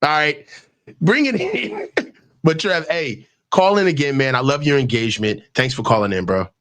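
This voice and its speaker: A man hosting a sports call-in show, teasing callers with loud, profane hype talk. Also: medium pitch, moderate pace. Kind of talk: casual call-in banter.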